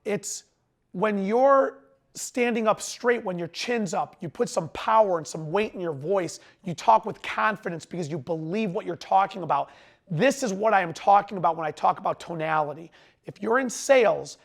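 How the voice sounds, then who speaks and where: Speaking straight to camera, a middle-aged man gives salespeople a lesson in a high, bright voice touched with vocal fry. He is quick and forceful, occasionally running words together, yet fatigue from a long lecture shows beneath his drive.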